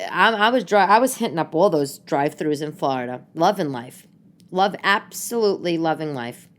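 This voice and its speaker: A New York podcast host tells stories at home, rambling loosely and trailing off into quick side comments as she interrupts herself. Her voice is a bit low for a woman, and she sounds like she's chatting with a friend in her living room.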